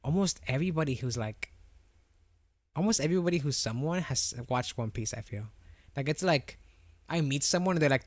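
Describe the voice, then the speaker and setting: On a casual live stream, a young man rambles through answers to chat, restarting sentences frequently and laughing along the way. His voice is a little high and expressive, at normal speed with long pauses, and has a slight R and W lisp. There's no echo.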